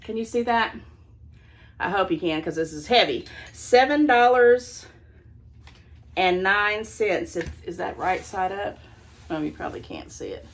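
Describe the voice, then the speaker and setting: A woman's voice: lowish voice, normal speed, vocal fry. An older woman, a grandmother, chatting casually on camera at home about her thrift finds, laughing often and stopping to handle the items. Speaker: thrift haul vlogger. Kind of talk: casual haul video chat.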